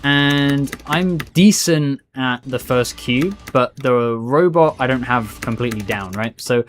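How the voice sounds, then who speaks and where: A man's voice: medium pitch, slow pace, soft background music. A man streaming a game, talking to himself and his chat in a rambling, casual way and calling people "bro". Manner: chatty, rambling, says "bro" a lot. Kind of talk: live gameplay commentary.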